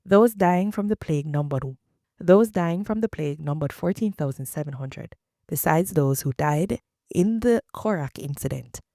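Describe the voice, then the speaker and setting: A woman reading scripture aloud in a measured, deliberate way. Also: deep voice, expressive, warm tone, dry recording, studio quality. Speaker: scripture reader.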